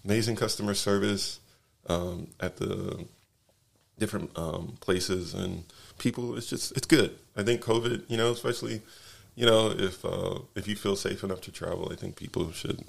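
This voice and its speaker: A podcast guest with a deep, gravelly voice tells stories casually at a moderate pace with fairly even intonation. He rambles, using many fillers and restarts.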